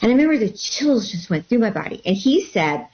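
A woman guest telling a personal story in an interview, animated and acting out what people said. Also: on the high side, a little fast. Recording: dull lo-fi sound.

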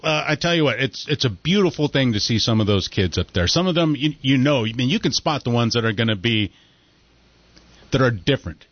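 A man's voice: medium pitch, lively intonation, brisk, no room sound, dull audio. A middle-aged man co-hosting a radio show, joking and complaining in casual slangy banter.

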